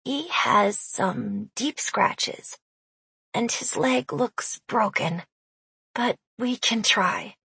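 A woman voicing a gentle young female caretaker who speaks softly and slowly in an audiobook. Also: medium pitch, slightly rough, no room sound, heavily acted. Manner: soft, slow and quiet.

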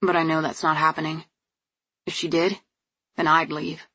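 An earnest, vulnerable young man, read by a woman in a storybook. The voice sits a little low and husky. It has a soft, dry, close sound. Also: level tone, moderate pace, dry recording, heavily acted. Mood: sad.

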